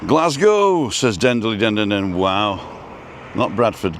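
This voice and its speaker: A chatty, rambling man with a lowish voice live-streams from his phone on a street, stopping now and then to read viewer comments. Traffic hums faintly in the background of his casual stream chat.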